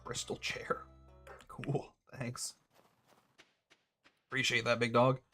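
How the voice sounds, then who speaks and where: A young man casually commentating his own gameplay, thinking out loud with a wry, chatty manner. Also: mid-range voice, completely flat delivery, slow, soft background music. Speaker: gaming streamer. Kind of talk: casual let's-play commentary.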